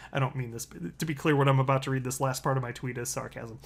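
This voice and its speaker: A man's voice: medium pitch, normal speed. A man hosting a casual crypto commentary video, reading tweets and headlines with sarcastic asides. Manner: sarcastic, animated, lots of asides.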